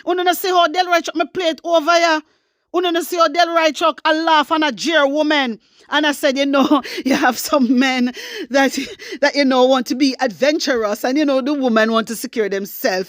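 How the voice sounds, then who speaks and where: A woman's voice: high-pitched, a bit bright, no echo, clean studio sound. A woman with a Jamaican accent delivering a fiery, urgent rant to her online viewers, scolding and repeating her demands. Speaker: online commentator.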